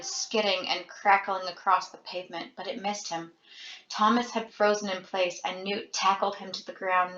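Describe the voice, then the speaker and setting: A woman reads a novel aloud with a dramatic, expressive touch, her voice bright and forward. The room around her is echoey and the sound is a bit dull, like a lo-fi home recording. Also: mid-range voice. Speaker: audiobook reader.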